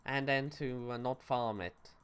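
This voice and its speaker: A man's voice: mid-range voice, fairly even intonation, a little slow, clear, resonant tone. A young man livestreaming a video game, chatting loosely with his viewers, answering chat and cursing offhandedly. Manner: loose and offhand, reads chat aloud, swears casually. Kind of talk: casual gaming stream chatter.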